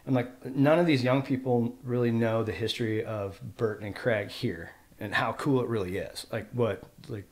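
A middle-aged man from Washington State tells a long story as a podcast guest. His voice sits in a middle pitch but leaps high and loud whenever he acts out what someone said, then drops back to an easy, casual telling. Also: moderate pace, hardly any pauses. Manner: animated storyteller who acts out quotes with jumps in pitch and loudness. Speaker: podcast guest, pro snowboarder.

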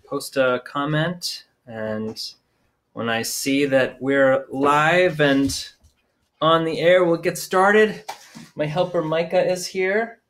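A man's voice: fairly high pitch, fairly bright tone. A man hosting a playful live-streamed sing-along for small children, chatting and singing. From Maine. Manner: playful, sings and chats with young viewers. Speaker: children's music performer. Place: indoors at a home in rural New England. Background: his own acoustic guitar.

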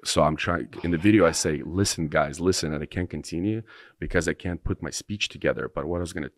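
A man's voice: deep voice, quick pace, no echo, clean studio sound. A young man, a podcast guest, telling a long story in a rambling way, restarting his sentences and swearing freely. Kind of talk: casual storytelling in conversation.

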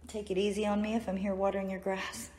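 A woman realtor and ghost hunter asking spirits gentle, apologetic questions in an empty house. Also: mid-range voice, level tone, a little fast. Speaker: realtor and paranormal investigator. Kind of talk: casual talk to spirits during a ghost hunt. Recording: loud hiss, air conditioner hum.

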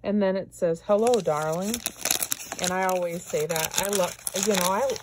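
A woman's voice: fairly low pitch, moderate pace, very noisy. A woman vlogger opening mail from friends, gushing and effusive and moved to tears as she talks. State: tearful. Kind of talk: casual unboxing chat.

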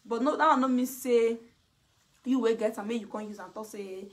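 A woman's voice: fairly high pitch, fairly even intonation, normal speed. A Nigerian woman vlogger in a casual gossipy chat, talking freely and laughing often. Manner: chatty, laughs often, mimics others.

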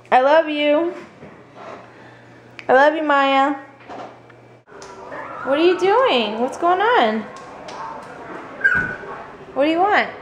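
On a noisy home video, a mother and vlogger coos baby talk to her little daughter and her dogs, first on the family porch and then inside. Her voice is high-pitched and animated, yet she speaks extremely slowly with long pauses.

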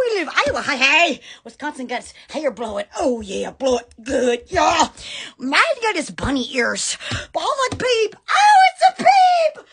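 A woman with a Southern US accent from Alabama, hosting a live stream in excitable, gushing casual chat full of exclamations and laughter. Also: extremely high pitch.

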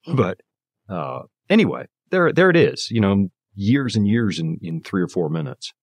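Brief: fifties man, guest preacher, testimony storyteller, lower voice that swings widely, dry close sound. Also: normal speed, no room sound. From Canada. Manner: animated storyteller, acts out quoted voices. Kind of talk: personal testimony in conversation.

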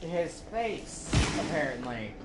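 Excitable male co-host reacting to a horror game, lively pitch, echoey noisy room. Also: slow pace. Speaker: let's play co-host. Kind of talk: casual gaming chat. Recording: echoey room with loud noise.

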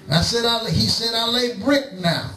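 A middle-aged man preaching in a church, telling a story slowly and acting out both sides of a conversation. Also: extremely high pitch, bright, forceful tone, distant mic. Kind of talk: sermon storytelling. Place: church sanctuary. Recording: echoey church, preacher away from the mic.

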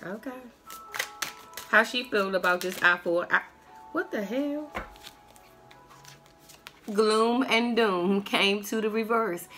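A woman's voice: mid-range voice, slow, pauses often, bright, forceful tone, faint music behind. A woman doing a tarot reading on camera, talking in a blunt, sassy and profane way. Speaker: tarot reader.

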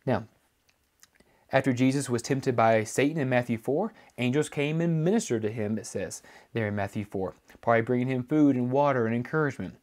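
A man's voice: medium pitch, a little mellow. A man preaching a teaching sermon, explaining scripture in a loose way with frequent fillers and restarts. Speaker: pastor.

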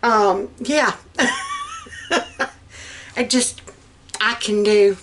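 Slow-talking Southern woman in her kitchen. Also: medium pitch, fairly bright tone. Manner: chatty, rambling, with drawn-out words and many "um"s. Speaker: cooking vlogger. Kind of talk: casual cook-along chat. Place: home kitchen.

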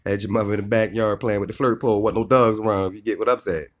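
Laid-back, joking man with a lowish voice. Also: fairly even intonation, fast. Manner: laid-back, joking, repeats "you know what I mean". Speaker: dog owner and vlogger. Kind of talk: casual vlog chat.

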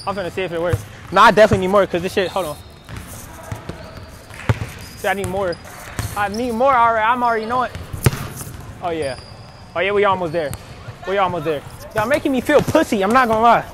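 A man's voice: sits high, brisk, long pauses, noisy background. A young man, vlogging a prank with nervous, joking, slangy chatter. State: out of breath at times. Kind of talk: casual vlog chat.

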